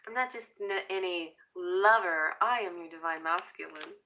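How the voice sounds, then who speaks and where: A woman's voice: on the low side, normal speed, highs cut off, slight background noise, close to an everyday voice. Woman voicing Soto, a devoted serious man. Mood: earnest. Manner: earnest, solemn.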